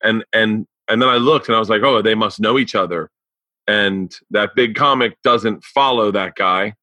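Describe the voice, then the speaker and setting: A man hosting a podcast talks in loose, profane chat with a bright, forceful tone. He often trips over restarts. The sound is dry and close. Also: lowish voice, normal speed, no room sound. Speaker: podcast host. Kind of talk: casual chat.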